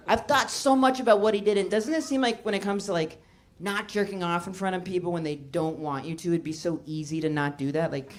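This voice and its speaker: A woman performing a stand-up set, telling stories in an animated way and acting out what people said. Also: mid-range voice, a little fast. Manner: animated storytelling, acting out quotes. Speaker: stand-up comedian. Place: comedy club stage. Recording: live club recording with audience noise. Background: audience laughter.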